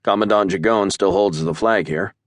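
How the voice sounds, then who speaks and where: A man's voice: lowish voice, moderate pace, dry recording, close to an everyday voice. A man voicing a seasoned male starship captain who speaks with dry, wry understatement.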